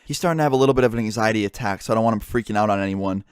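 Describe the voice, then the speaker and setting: Young man, fast casual storytelling, swears a lot, acts out friends' lines, mid pitch, dry close recording. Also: clear, resonant tone, dry recording. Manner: swearing, animated retelling with quoted dialogue.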